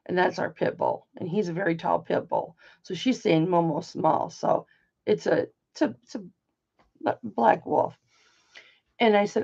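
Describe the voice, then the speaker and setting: A woman's voice: fairly low pitch, normal speed, gravelly, a little mellow, husky. An older woman telling a rambling personal story in a chatty, casual way, full of asides, on dull lo-fi audio. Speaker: live auction host.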